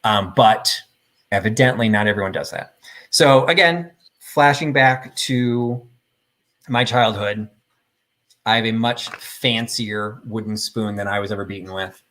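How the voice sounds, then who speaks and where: A man's voice: fairly low pitch, a little slow, fairly bright tone. A man in his fifties from the Chicago suburbs with a Midwestern accent, hosting a live vintage sale with joking, rambling, self-deprecating chat. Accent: Midwestern American. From suburbs of Chicago, Northern Illinois.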